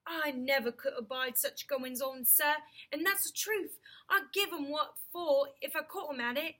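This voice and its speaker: A woman's voice: high-pitched, bright, forceful tone. Plain-spoken cockney cab driver, hesitant and humble, as a woman reader puts him on. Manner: hesitant, slow and deferential.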